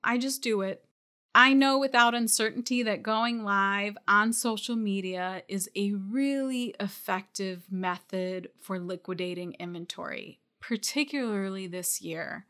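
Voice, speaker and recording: A woman's voice: medium pitch, unhurried, pushed and bright. A woman coaching shop owners, talking directly and encouragingly and calling listeners out when needed. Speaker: retail business coach. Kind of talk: coaching podcast talk.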